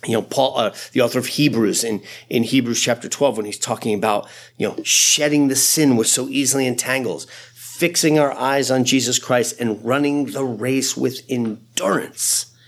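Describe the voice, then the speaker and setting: A man who is a pastor, preaching a sermon in an animated, conversational way with frequent asides. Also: medium pitch, moderate pace, hardly any pauses.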